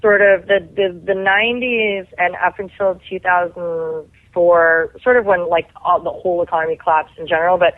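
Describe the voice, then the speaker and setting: A woman, a guest actor telling stories in a chatty, animated way full of "like" fillers. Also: lowish voice, normal speed. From Canada. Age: 30s. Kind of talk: casual storytelling. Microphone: phone call. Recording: tinny phone line.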